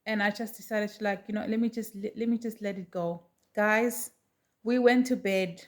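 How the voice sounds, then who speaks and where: A middle-aged woman telling a personal story to her viewers in a chatty, animated way. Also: mid-range voice, normal speed. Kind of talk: casual storytelling to camera.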